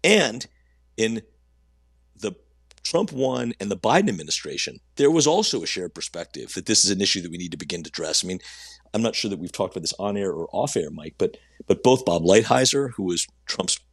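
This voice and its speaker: A man, a company CEO guest, giving earnest answers in conversation with frequent halting restarts. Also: fairly low pitch, sing-song, creaky, breathy edge, no echo, clean studio sound.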